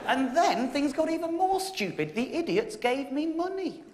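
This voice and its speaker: An English man in his thirties telling a wry comic story on stage, with sudden high emphatic peaks. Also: sing-song, normal speed, noisy background. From England. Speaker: comedian. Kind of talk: stand-up storytelling show. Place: theatre stage with audience laughter.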